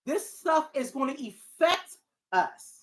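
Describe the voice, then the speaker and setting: A middle-aged woman hosting a talk show, speaking casually and animatedly to her audience, preachy and quick to digress. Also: sits high, lively intonation. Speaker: talk show host and therapist.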